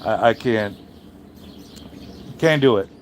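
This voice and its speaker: A man's voice: fairly low pitch, lively intonation, slow, slight background noise. A man chatting casually on a livestream, answering his chat in a rambling, blunt and heavily profane way, with frequent restarts. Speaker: trucker streamer reading chat.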